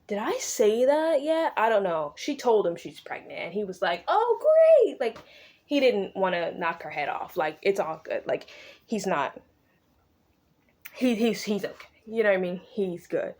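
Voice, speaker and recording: A young woman in a relaxed, slangy book recap. She swears easily and breaks into short impressions of the characters mid-sentence. Her voice sits at a middle pitch for a woman. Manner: slangy, swears freely, acts out characters' lines in quick asides. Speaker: book vlogger recapping a novel. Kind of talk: casual chatty book recap.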